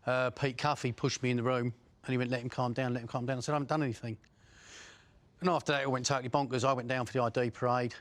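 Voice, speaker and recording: A middle-aged man speaks in a mid-range voice. He tells his story bluntly and swears often. His talk is broken by pauses and fillers. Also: medium pitch, steady tone, dry recording. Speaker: former criminal interviewee. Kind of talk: first-person recollection.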